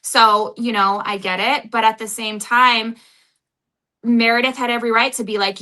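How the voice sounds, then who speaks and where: A woman guest on a casual podcast chat, a former cast member who talks in a profane, animated way. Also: a little high, moderate pace.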